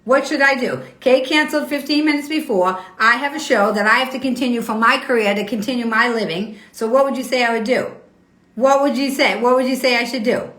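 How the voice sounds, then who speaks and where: Host type: bright, rather high woman, riled up, defending herself to viewers in an echoey room. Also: brisk. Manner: indignant, argumentative, repeats herself. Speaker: host of a weekly live show. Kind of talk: Instagram live stream, reading and answering comments.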